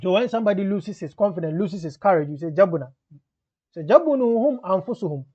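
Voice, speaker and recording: A man with a high voice teaches grammar in a patient lesson. He walks through each example step by step and mixes English explanation with Arabic grammar terms. The recording sounds a little dull and lo-fi. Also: lively intonation, quick pace.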